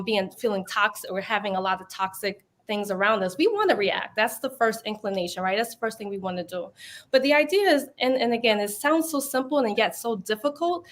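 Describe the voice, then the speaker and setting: A woman's voice: mid-range voice, fairly bright tone. A woman therapist on a panel, explaining in an earnest, thinking-aloud way. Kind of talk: panel discussion.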